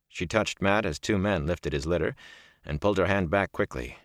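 A man narrating an audiobook in a steady, expressive storytelling manner. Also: deep voice, brisk, dry recording, clean studio sound. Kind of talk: scripted narration.

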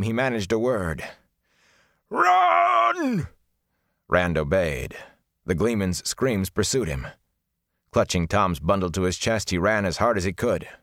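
A man narrating a fantasy novel in a measured, deliberate storytelling manner, recorded on a close mic. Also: fairly low pitch, dry recording. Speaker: audiobook narrator.

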